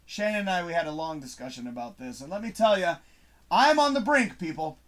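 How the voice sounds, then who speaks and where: A man's voice: fairly high pitch, lively intonation, fast. A man hosting his own show, ranting to camera in a frustrated, swearing monologue with emphatic bursts. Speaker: host. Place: home studio.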